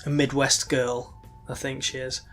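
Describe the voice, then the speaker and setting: A man co-hosting a podcast, talking in a loose, halting way full of ums and restarts. His voice sits at an ordinary pitch, and faint music plays underneath. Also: little pitch movement, a bit bright. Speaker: podcast co-host. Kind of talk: casual chat.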